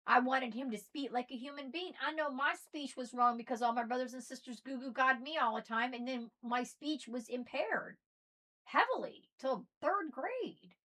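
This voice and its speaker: High-voiced woman, kinda southern kinda northern accent, preachy ranting monologue, goes loud then quiet. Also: moderate pace. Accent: mixed Southern and Northern US. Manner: ranting, preachy, swings between loud and soft. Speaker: spiritual video host. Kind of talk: impassioned monologue.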